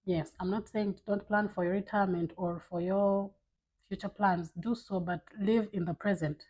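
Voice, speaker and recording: A woman's voice: medium pitch, fairly even intonation, moderate pace, a little mellow, poor audio. A woman talking candidly to camera, giving blunt life advice in a casual, filler-filled way. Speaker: vlogger.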